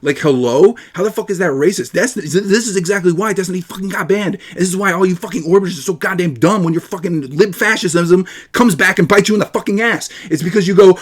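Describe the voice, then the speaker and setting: Man, heated livestream rant, profane, mocking, slightly high voice. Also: lively intonation, fairly quick, hardly any pauses, fairly bright tone. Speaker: livestream guest.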